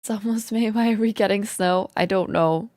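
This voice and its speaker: A woman streamer chatting casually with her viewers, greeting them and laughing often, her voice slightly hoarse. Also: medium pitch, moderate pace, darkish tone, dry recording, clean studio sound. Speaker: live streamer. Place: home in Canada.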